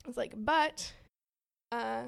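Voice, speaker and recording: A woman's voice: a little high, takes it slowly, vocal fry, a bit bright, clean tone. A woman co-hosting a casual political chat podcast, rambling with many fillers and frequent laughs. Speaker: podcast co-host.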